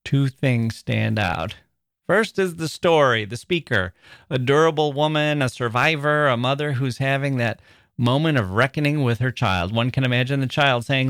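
A man's voice: mid-range voice, moderate pace, a bit bright, dry recording, studio quality. A man hosting a literary podcast, talking thoughtfully and expressively, often reading aloud with feeling. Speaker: podcast host.

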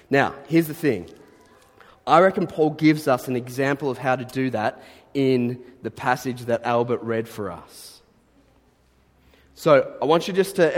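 A man's voice: medium pitch, big-room sound. A man preaching a sermon as a pastor, conversational and earnest, building to emphatic bursts.

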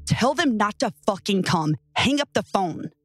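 A woman's voice: medium pitch, very animated, measured pace, soft background music. A woman voicing an injured, drunk man who slurs and barks demands in a panic. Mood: angry. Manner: slurring, demanding.

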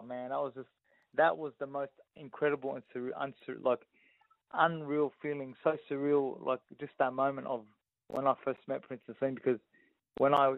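A man's voice: medium pitch, gravelly, dry recording. An Australian man in his thirties, a boxer telling stories in an interview, often saying "you know what I mean". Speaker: guest boxer. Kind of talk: casual interview storytelling. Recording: dry tinny phone-like sound.

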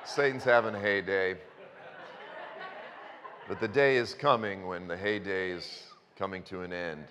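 A man in his fifties preaching a sermon, telling stories with self-mocking humor and breaking into sudden high outbursts. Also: steady tone, a little slow, a crowd in the background, noisy background. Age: 50s. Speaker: pastor. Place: church sanctuary. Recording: long reverb of a church hall.

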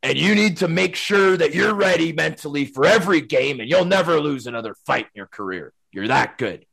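A man doing an impression of a gruff older male hockey coach who lectures bluntly in a loud, stern voice. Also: a little high, expressive, brisk, heavily acted, poor audio.

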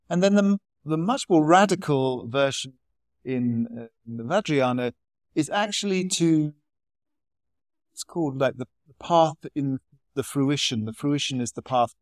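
A man's voice: mid-range voice, no echo. Brief: male Buddhist teacher, easygoing conversational lecture, dry close recording. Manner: relaxed, conversational, storytelling asides. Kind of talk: informal dharma talk.

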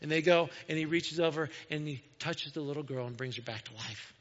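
A man preaching a sermon, retelling a gospel story in a casual, conversational way and often dropping to a soft, hushed voice. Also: fairly high pitch, fairly quick. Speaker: pastor. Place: church sanctuary. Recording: dull, lo-fi church recording with long hall reverb.

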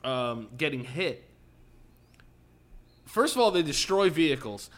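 A man's voice: a little high, sing-song, unhurried, a bit bright. A young man co-hosting a podcast, chatting casually with loose, profane jokes. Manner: loose, profane, jokey banter. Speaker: podcast co-host. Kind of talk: casual chat.

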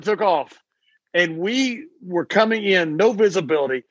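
A man co-hosting a casual chat, telling stories with animation and frequent laughs. His voice sits a little higher than most men's. The sound is dry and slightly dull, as if lo-fi. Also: unhurried, no room sound. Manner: animated storyteller who laughs often. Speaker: podcast co-host.

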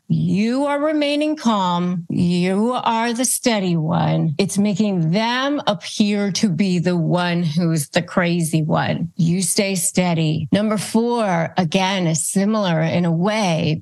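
A woman hosting an advice show, calmly teaching phrases and acting them out as examples. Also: fairly low pitch, vocal fry. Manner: calm, instructive, demonstrates phrases aloud. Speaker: host. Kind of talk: advice talk to camera.

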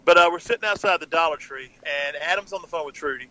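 Bright-voiced man telling stories. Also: fairly high pitch, fast, highs cut off. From Southern US. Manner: animated storyteller, laughing often. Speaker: podcast co-host. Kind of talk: casual storytelling chat.

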